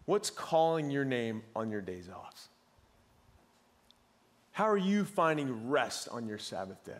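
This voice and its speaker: A man's voice: mid-range voice, very animated, takes it slowly. A man in his thirties preaching a sermon in a conversational way, often repeating words as he goes. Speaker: pastor. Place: church.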